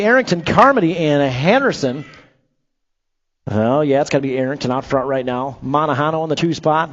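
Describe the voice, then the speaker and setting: A race announcer calls live BMX races over a track PA, rattling off rider names and placings with upbeat, joking asides between rapid calls. His voice is a little high, animated, and a bit bright, with the highs cut off.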